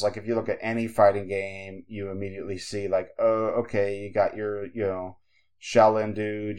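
A man's voice: on the low side, darkish tone. A man co-hosting a podcast, chatting casually and rambling with lots of fillers. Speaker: podcast co-host. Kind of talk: casual chat.

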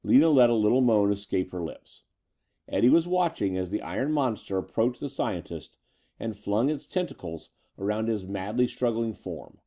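A man narrating a pulp story in an expressive, dramatic reading. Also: lowish voice, moderate pace. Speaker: audiobook narrator.

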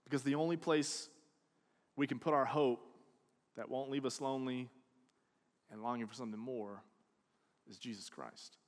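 A man preaching a sermon, telling a personal story and acting out quoted voices, swinging from hushed to loud. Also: mid-range voice, steady tone, moderate pace, long pauses. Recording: long hall reverb.

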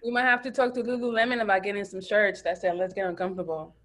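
A woman's voice: mid-range voice, quick pace. A woman co-hosting a podcast, chatting casually and quoting others as she tells a story. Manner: lively storyteller, quotes others. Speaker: podcast co-host. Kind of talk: casual chat.

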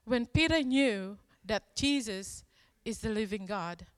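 Slow-speaking woman preaching in a hall. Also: a little high, animated. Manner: conversational storytelling, acts out quoted lines. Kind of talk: sermon.

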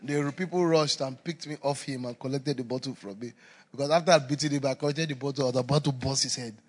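A man preaching a sermon, telling stories with laughter and swinging between loud emphasis and quiet asides. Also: mid-range voice, steady tone, fast.

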